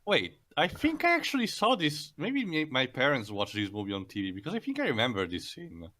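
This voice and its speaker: A man in a casual group movie commentary who speaks haltingly, restarts his sentences and sounds skeptical of the plot. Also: fairly high pitch, huge pitch swings, sharp tone.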